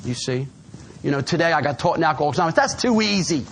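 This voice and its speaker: Man with a New Jersey accent, high tenor, animated streetwise storyteller sharing at a recovery meeting, faint room hum behind. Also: very fast. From New Jersey, USA. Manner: animated, streetwise storytelling peppered with "man" and "you know what I mean". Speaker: AA speaker. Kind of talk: speaker share at a recovery meeting. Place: meeting room before a live audience.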